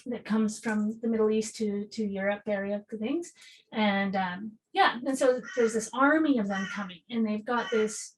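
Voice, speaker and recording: A woman's voice: mid-range voice, moderate pace, a little hiss or hum, rough recording. A woman guest on a podcast telling a vivid story in casual talk, acting out the voices of others and swearing freely. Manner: animated, acts out dialogue, casual swearing. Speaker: podcast guest, spiritual healer.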